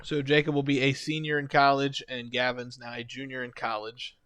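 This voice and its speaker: A man's voice: medium pitch, monotone, fairly quick, a bit bright, smooth, no echo. A young man co-hosting a casual podcast, tripping over his words and laughing it off. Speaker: podcast co-host. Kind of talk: casual chat.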